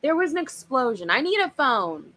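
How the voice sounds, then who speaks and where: A woman voicing a panicked father who shouts and pleads about his wrecked car. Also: high-pitched, big pitch swings, moderate pace, slight background noise, pitched above the performer's own voice, full character voice. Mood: frantic. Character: frantic red-faced dad, loud and desperate.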